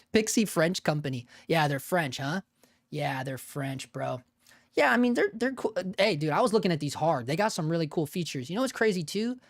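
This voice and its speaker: A man's voice: fairly high pitch, expressive, moderate pace, no echo, studio quality. A man hosting a casual live stream, laid-back and profane, laughing often and calling people dude and bro. He has an unusual voice that he uses for cartoon work.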